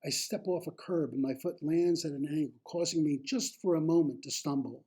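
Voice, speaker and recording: A man reading his own memoir aloud, slow and deliberate in the first person. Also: fairly high pitch, dark tone, breathy edge.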